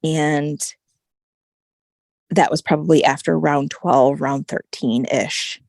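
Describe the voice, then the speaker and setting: A woman with a low, gravelly voice tells a personal story as a podcast guest. She is animated and peppers her talk with "like" and "right?". The sound is dry and close. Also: slow pace, no echo. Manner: animated, frequent "like" and "right?" fillers.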